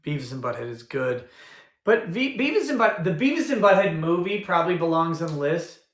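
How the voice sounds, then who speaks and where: A man's voice: fairly high pitch, very animated, fairly quick. A man hosting a casual livestream, rambling and thinking aloud as he goes, often restarting his sentences. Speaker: livestream host. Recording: roomy echo.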